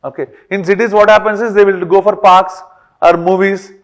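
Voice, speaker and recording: Male teacher with a high voice; lectures in a classroom, checking in with the class often. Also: fairly even intonation, normal speed. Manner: frequent fillers and checks like "right or wrong?".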